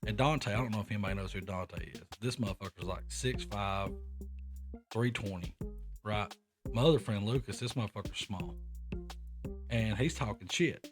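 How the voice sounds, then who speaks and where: A young man with a drawl tells a long, profane story to his podcast co-host, slipping into loud quoted voices. His voice sits a bit low, and music plays clearly behind him throughout. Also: moderate pace, pauses often. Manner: profane, rambling anecdotes with animated quoted voices. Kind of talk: casual storytelling chat. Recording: music playing in the background.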